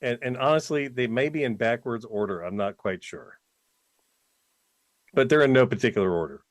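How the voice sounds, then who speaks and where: A man's voice: mid-range voice, normal speed, dry recording, clean studio sound. A man co-hosting a podcast in casual chat, talking about himself in a self-deprecating way with frequent restarts, over a home microphone. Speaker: podcast co-host. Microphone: home podcast mic, remote.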